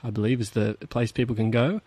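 A man's voice: medium pitch, fairly even intonation, a little mellow, husky, dry recording. Man hosting a radio show. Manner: friendly, slightly halting. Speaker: radio host. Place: radio studio.

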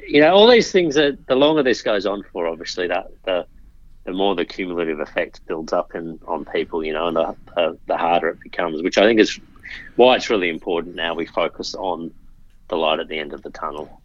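A man, a politician guest, talking in a measured way with frequent restarts in a casual interview. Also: low voice, no room sound, dull audio. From Australia.

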